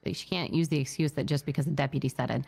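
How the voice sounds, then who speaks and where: Low-voiced woman recounting a tense incident. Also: fairly even intonation, creaky, a little mellow, slightly rough. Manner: upset but measured, frequent fillers and restarts. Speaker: state trooper in a roleplay server. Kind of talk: in-character roleplay briefing.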